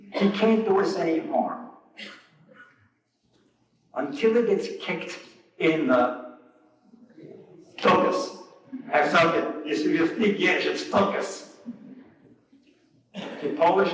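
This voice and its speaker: Older male preacher, playful anecdotal sermon with mock outrage, fairly high voice, heard from a distance in a very echoey room. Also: a bit bright. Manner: jokey anecdotal storyteller, laughs at his own jokes, mock outrage. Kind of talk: storytelling sermon. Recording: echoey, from far off the mic.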